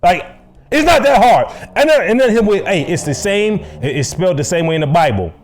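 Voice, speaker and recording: A man's voice: high-pitched, fairly quick, a little hiss or hum. A young man co-hosting a casual podcast, ranting emphatically and laughing often. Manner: animated, emphatic, laughs a lot. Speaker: podcast co-host.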